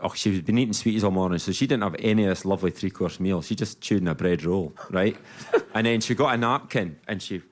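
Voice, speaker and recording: A man's voice: sits low, fast. A Scottish man on a comedy panel telling a rambling family anecdote.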